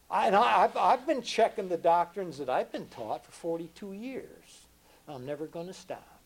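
An older man delivers a sermon in an earnest, emphatic way. His fairly high voice rises and falls widely, and he often repeats words and drops to a hush for weight. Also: poor audio. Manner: earnest, emphatic, repeats words, swings between loud and hushed. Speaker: preacher.

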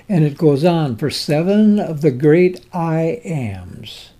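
Slow, mellow-voiced man preaching a sermon. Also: fairly high pitch, animated. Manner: emphatic, with dramatic pauses and swings from loud to soft; reads scripture in King James wording.

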